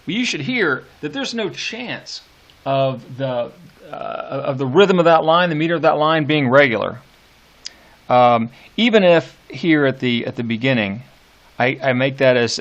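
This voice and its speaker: Man teaching a poem's meter, mid pitch. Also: highs cut off. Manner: thinking aloud with frequent fillers and restarts; reads verse aloud slowly, tapping out stresses. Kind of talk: instructional video lecture.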